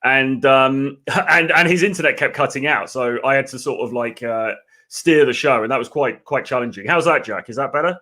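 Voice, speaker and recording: A man's voice: mid-range voice, normal speed, bright, forceful tone. A man hosting a live video-call chat show, talking in a chatty, rambling way with light teasing. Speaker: podcast host. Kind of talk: casual live-stream chat.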